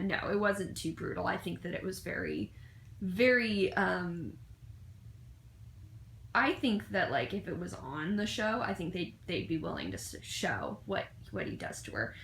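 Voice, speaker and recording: A woman's voice: lowish voice, a bit bright, echoey room, slight background noise. A woman giving a casual, gushing fan review, full of fillers and restarts, often breaking into laughter.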